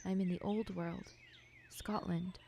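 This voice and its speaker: Hushed, mellow woman narrating poetry. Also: on the low side, steady tone, creaky, a little hiss or hum. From United States. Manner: slow, measured, hushed, with occasional whispers. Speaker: filmmaker narrating her own work. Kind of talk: poetic scripted narration.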